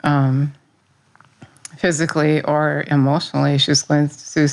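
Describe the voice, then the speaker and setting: A woman's voice: sits low, level tone, a little slow. A middle-aged woman who teaches Bible study, sharing a personal faith testimony in an earnest, rambling way. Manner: earnest, rambling, with restarts and fillers.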